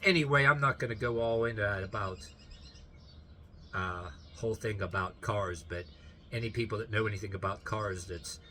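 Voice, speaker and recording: A man rambles through a story in a bright, forceful voice, circling back and stopping himself mid-thought. He keeps breaking off to fight down a laugh, with a faint hiss of background noise under him. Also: on the low side, moderate pace. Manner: rambling, full of fillers and restarts, stifling laughter. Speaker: vlogger telling a story.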